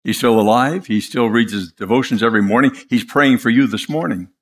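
An older man preaching a sermon, impassioned and dramatic, telling stories with pauses for effect. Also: mid-range voice.

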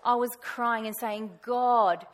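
Animated woman telling a faith story. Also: mid-range voice, moderate pace. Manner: animated storytelling, acts out her own past words in a raised voice. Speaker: pastor's wife sharing testimony. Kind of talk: personal testimony talk.

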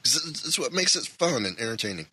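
Bright-voiced rambling podcast host man. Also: medium pitch, big pitch swings, quick pace, breathy edge, poor audio. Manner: rambling, self-deprecating, loses his train of thought. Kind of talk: casual podcast chat. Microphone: studio podcast mic.

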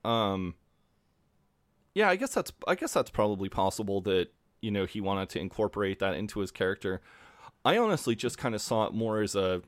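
A man co-hosts a podcast in a low voice, recorded dry and close. He talks casually and hesitantly, full of ums and you-knows. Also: sing-song, fairly quick, no room sound. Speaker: podcast co-host.

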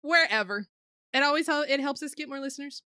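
A woman with a somewhat high voice co-hosts a gaming podcast in a loose, animated way. She jokes around and swears casually between plugs. The sound is close and dry, with no room echo. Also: brisk. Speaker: podcast co-host.

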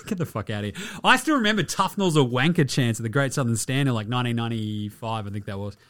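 A man's voice: medium pitch, expressive, fast talker, fairly bright tone, no room sound, faint music behind. An Australian man in his thirties hosting a casual sports podcast, sweary, irreverent and rambling. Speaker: podcast host.

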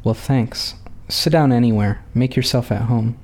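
A man's voice: medium pitch, moderate pace, a little mellow, close to an everyday voice. A man reading aloud and voicing a plump, blushing farm wife who fusses over her guests as hostess. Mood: flustered.

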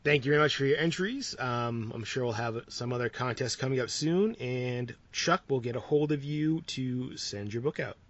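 A man hosting a casual podcast chat, relaxed and rambling, laughing often. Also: medium pitch, normal speed, few pauses. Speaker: podcast host. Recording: dull lo-fi sound.

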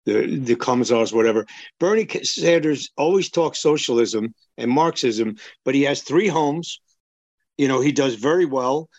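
A man's voice: mid-range voice, animated, normal speed, a little mellow, no echo, highs cut off. A man hosting a podcast interview, blunt and opinionated, rambling a little as he talks. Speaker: podcast host.

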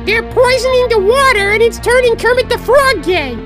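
A performer voicing a male red puppet monster who rants paranoid conspiracy theories in a squeaky falsetto, over music. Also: moderate pace. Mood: ranting. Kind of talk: parody ad with music. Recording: loud music behind.

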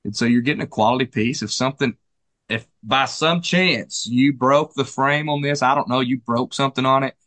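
A man co-owning a furniture store, casually walking through the showroom and describing pieces in a relaxed, friendly sales manner. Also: mid-range voice, moderate pace, no room sound.

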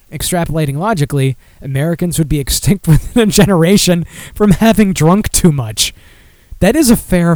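A man's voice: on the high side, darkish tone, no room sound. A man hosting a podcast alone, rambling sardonically through listener comments with many fillers and restarts. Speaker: podcast host. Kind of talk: casual solo podcast commentary.

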